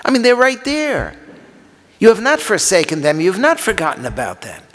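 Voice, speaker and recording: A rabbi giving a lecture, his fairly high voice rising into pleading cries and falling back into calm explanation. He reads Hebrew passages and unpacks them. The sound carries a long reverb, as in a large hall. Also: moderate pace. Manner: impassioned, swings from quiet explaining to pleading cries. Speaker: rabbi teaching a class. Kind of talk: Torah lecture on liturgical laments.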